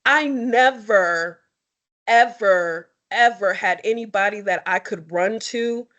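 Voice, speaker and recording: A young adult woman sharing personal stories in a candid, expressive and sometimes tearful conversation. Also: mid-range voice, slow, highs cut off. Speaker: podcast co-host. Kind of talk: emotional heartfelt conversation.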